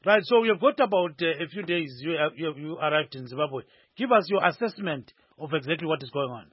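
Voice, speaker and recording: A male radio news host interviewing a reporter, speaking haltingly with many fillers. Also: on the high side, lively intonation, husky, no echo, muffled recording.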